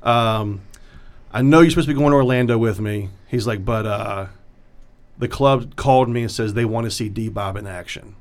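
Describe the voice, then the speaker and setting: A man's voice: fairly low pitch, normal speed. Profane storytelling comedian, man. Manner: profane, animated storyteller acting out quotes. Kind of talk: casual storytelling chat.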